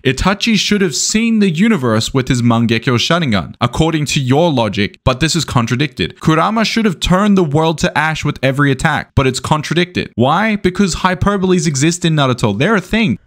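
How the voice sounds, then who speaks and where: Argumentative man lecturing a rival. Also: medium pitch. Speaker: commentator. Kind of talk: debate rebuttal.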